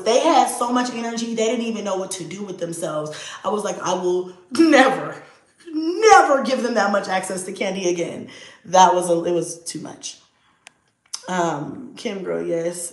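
Animated woman chatting in an echoey room. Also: lowish voice. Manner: animated, acts out voices of her kids; swears freely. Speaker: video host. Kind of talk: casual chat to viewers.

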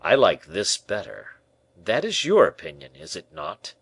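A man voicing a sly male bishop who speaks in a measured, quiet way. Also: lowish voice, huge pitch swings, gravelly, husky, no room sound, exaggerated voice. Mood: calm, scheming. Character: sly, smooth-talking male bishop and ex-musketeer.

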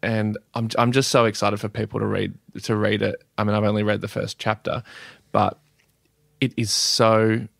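A man's voice: fairly low pitch, little pitch movement, normal speed, vocal fry, fairly bright tone, dry recording, studio quality. An Australian man co-hosting a podcast, chiming in with teasing jokes in casual banter. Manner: teasing, jokey interjections. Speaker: podcast co-host.

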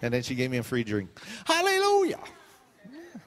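A man's voice: medium pitch, steady tone, very fast, long reverb tail. A middle-aged male pastor preaching a sermon, telling stories and acting out the voices of the people in them. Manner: storytelling with quoted voices and pidgin asides.

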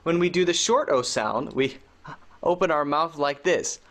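A man teaching English pronunciation on a video call, slowly explaining and modeling vowel sounds. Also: fairly high pitch, expressive, fairly bright tone. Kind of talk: pronunciation lesson.

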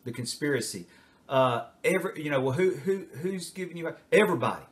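An older man, a retired teacher and school administrator, gives casual advice to camera, rambling through numbered points with plenty of fillers. His voice is a little high and a little fast, with lively intonation.

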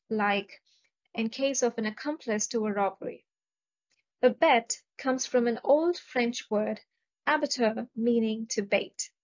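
A woman with an Indian English accent teaching vocabulary, carefully pronouncing each word and reading example sentences. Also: fairly high pitch. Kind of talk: slow, deliberate vocabulary lesson. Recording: dull lo-fi recording.

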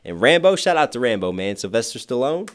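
A hoarse man, a rapper, reacting to a song and animatedly explaining its wordplay line by line. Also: medium pitch, sing-song, brisk, over music. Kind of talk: music reaction commentary.

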